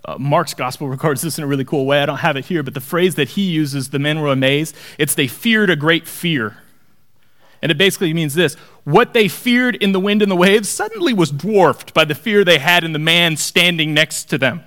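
A male pastor with a notably high voice delivers a dramatic sermon. He sinks into hushed near-whispers for weight and slips in playful asides to his congregation. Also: fairly quick, hardly any pauses.

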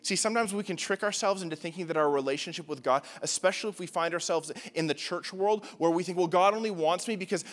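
A man's voice: on the high side, fast, few pauses, a bit bright, long reverb tail. A young man preaching a sermon, casual and joking, with lots of filler words. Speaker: pastor. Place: church hall.

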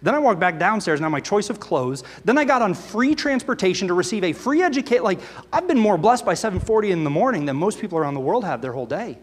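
Man, pastor, earnest sermon, rhetorical questions, fairly high voice, long hall reverb. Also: very animated, quick pace, few pauses, husky. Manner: earnest, rhetorical questions, reads scripture aloud.

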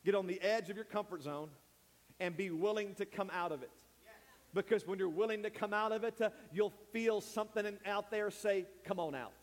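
A man preaching an impassioned sermon in church, building to shouts, and calling people forward. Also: sits high, fairly even intonation, a little fast, long reverb tail. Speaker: pastor. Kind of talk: sermon with altar call. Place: church sanctuary.

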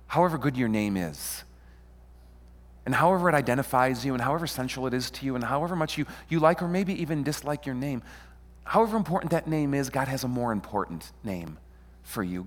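A middle-aged man preaching a sermon as pastor, animated and playful, often questioning and joking with his congregation. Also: medium pitch, long reverb tail. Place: church sanctuary.

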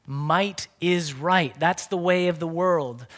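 A man delivers a sermon in a fairly high voice, earnest and deliberate. He leans hard on key words, slowing down and sometimes sinking to a near whisper before building back up. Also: a bit bright. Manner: earnest preaching, slows and drops to a whisper for emphasis. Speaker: pastor.

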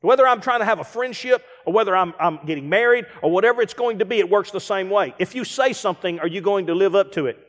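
A middle-aged man preaching a sermon, animated, with acted-out asides and rhetorical questions. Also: sits high, fast talker, few pauses. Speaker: guest preacher. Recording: reverberant hall.

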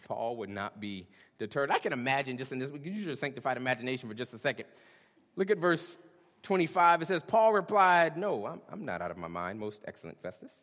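A male pastor preaching a sermon, swinging between hushed questions and booming emphasis, with a casual "y'all". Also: big pitch swings, moderate pace. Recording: long reverb of a large hall.

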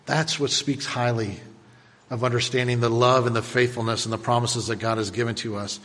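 A pastor in his fifties preaching a sermon with animated delivery that builds to loud exclamations. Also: mid-range voice, a little fast, big-room sound. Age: 50s.

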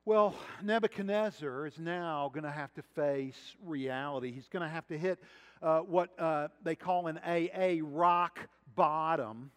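High-voiced preaching man in a hall. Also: a little slow, clean tone. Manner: conversational preaching with rhetorical questions. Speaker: pastor. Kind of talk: sermon.

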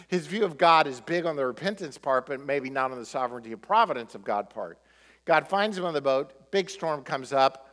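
A male pastor preaching a sermon, animated, throwing rhetorical questions at the congregation. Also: on the high side, moderate pace, big-room sound.

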